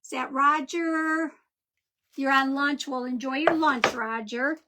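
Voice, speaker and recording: Middle-aged woman doing a live craft demo, kinda high voice, chatty, says hi to everyone in chat. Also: steady tone, slow, noisy background. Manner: chatty, greets viewers by name while working. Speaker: craft livestream host.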